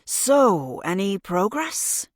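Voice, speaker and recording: A woman's voice: mid-range voice, big pitch swings, very slow, no echo, clean studio sound, pitched above the performer's own voice, heavily acted. A woman doing an anxious grieving father. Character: anxious, grieving middle-aged husband and father.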